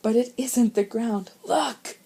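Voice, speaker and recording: A woman putting on an anxious little brother, alert and full of worried questions. The voice is raised and eager, with a mellow warmth. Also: fairly high pitch, slow pace, husky, voice pushed up, heavily acted.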